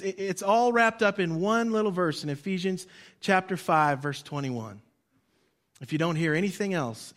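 A man preaching a sermon as pastor, swinging between loud emphasis and quiet drops, leading the congregation to repeat lines after him. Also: high-pitched. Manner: leads the congregation in call-and-response.

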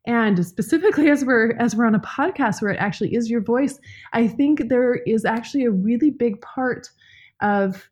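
This podcast co-host, who also teaches yoga, chats in a smiley, talkative way and keeps restarting her sentences. Her voice is fairly high and a little mellow, and she speaks at a normal speed.

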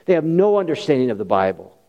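A man's voice: medium pitch, very animated, fast talker, highs cut off. A man preaching a sermon as a pastor, impassioned and rising to emphatic peaks, with folksy personal asides. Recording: long hall reverb.

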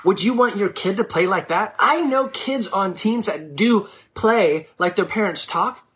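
A woman's voice: medium pitch, lively intonation, measured pace. A woman who coaches youth sports, giving blunt, scolding advice to parents in a frank monologue.

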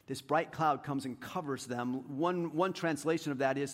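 Animated storytelling preacher, fairly high voice. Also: male voice, normal speed. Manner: animated, self-deprecating, jumps between hushed and loud. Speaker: pastor. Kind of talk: sermon with storytelling.

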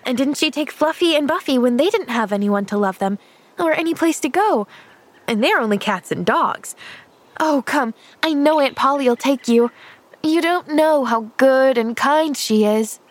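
A woman voicing a cheerful, eager young girl who chatters brightly and asks question after question, for a storybook reading. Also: high voice, lively intonation, a little slow, pitched above the performer's own voice. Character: cheerful eager eleven-year-old girl.

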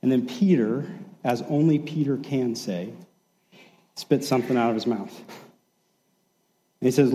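A pastor giving a sermon in a relaxed, conversational storytelling way, acting out the quoted lines. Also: male voice, medium pitch, measured pace, long pauses, long reverb tail, low-quality recording.

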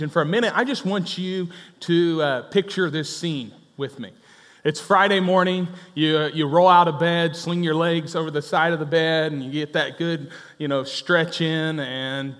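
A man's voice: on the high side, steady tone, moderate pace, a bit bright. A man preaching a sermon as pastor, telling a story conversationally and acting out the dialogue. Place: church. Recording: echoey church hall.

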